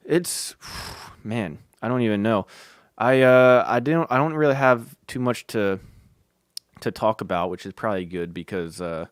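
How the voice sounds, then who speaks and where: A man's voice: mid-range voice, clean tone, dry recording, clean studio sound. A young man hosting a podcast from home, rambling casually with lots of fillers, restarts and offhand swearing. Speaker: podcast host.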